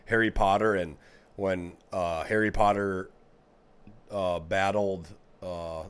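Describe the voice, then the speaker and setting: Male co-host, low voice, halting casual reaction talk. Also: fairly even intonation, fairly bright tone, smooth. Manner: halting, many fillers and restarts. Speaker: podcast co-host.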